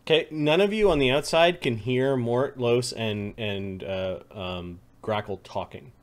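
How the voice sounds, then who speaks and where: Man narrating as game master. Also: medium pitch. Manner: unhurried descriptive narration, chuckles between details.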